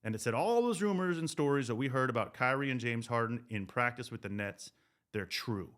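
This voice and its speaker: A man hosting a sports podcast, ranting comedically with loud, profane riffs. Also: medium pitch, a little fast. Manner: loud, profane, animated riffing. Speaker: podcast host.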